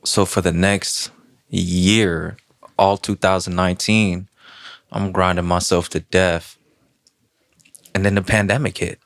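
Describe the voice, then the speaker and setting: A young man in his twenties telling his own story with lively, self-mocking humor and casual slang. His voice sits very low, and the recording is dry and close. He talks inside a prison. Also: takes it slowly, gravelly, long pauses, no echo. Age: 20s. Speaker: storyteller guest. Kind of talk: conversational personal storytelling.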